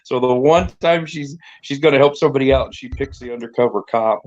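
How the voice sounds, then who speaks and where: A man's voice: mid-range voice, brisk, a little mellow. A man hosting a casual talk show, telling rambling anecdotes and acting out the people in them. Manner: rambling storyteller who acts out quoted dialogue. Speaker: podcast host. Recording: dull lo-fi audio with faint noise.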